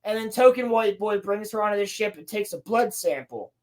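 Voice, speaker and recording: A woman's voice: mid-range voice, expressive, fairly quick, a little mellow. Sarcastic, foul-mouthed woman podcaster. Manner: sarcastic, profane, mocking; acts out quoted lines in playful voices. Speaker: podcast co-host reviewing a TV show. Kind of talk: casual chat.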